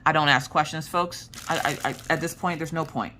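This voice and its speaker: Low-voiced woman telling a lively story. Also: brisk, a little hiss or hum. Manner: animated, frank storyteller who acts out quoted voices. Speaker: crafting vlogger. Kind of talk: casual storytime chat.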